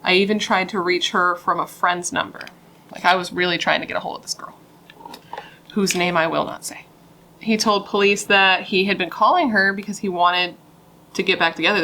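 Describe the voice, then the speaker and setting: A young woman narrates a true crime case like she is chatting with a friend. She fills her talk with "like" and the odd swear word, in a slightly low voice. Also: pushed and bright, a little hiss or hum. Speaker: beauty vlogger telling a true crime story. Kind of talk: casual true crime storytelling.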